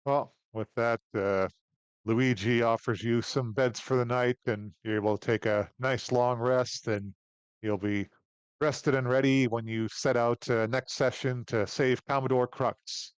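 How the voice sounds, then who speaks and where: A man running a tabletop game as game master, relaxed and hesitant, with many fillers. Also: mid-range voice, a little slow, clear, resonant tone, dry recording.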